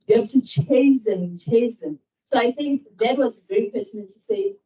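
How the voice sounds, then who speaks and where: A woman's voice: a little high, lively intonation, normal speed, few pauses, warm tone, distant mic, lo-fi sound. A woman moderating a panel, asking thoughtful, winding questions full of fillers.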